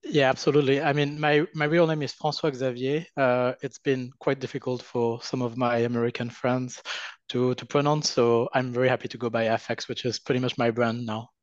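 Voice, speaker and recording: A man's voice: mid-range voice, level tone, brisk, no room sound. French-accented man on a dull dry call line. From France. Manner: hesitant, repeats words while searching for phrasing. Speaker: guest, marketing executive. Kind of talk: business interview.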